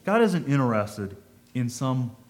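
A man's voice: mid-range voice, sing-song, measured pace. Man preaching in an easy, questioning way. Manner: thinks aloud, asks the listeners questions; reads scripture in old-fashioned wording. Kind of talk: conversational sermon.

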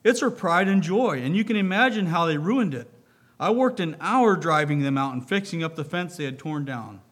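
A man's voice: on the high side, animated, moderate pace, fairly bright tone. A man voicing a troubled farmer who complains earnestly about his neighbor's pigs. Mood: aggrieved.

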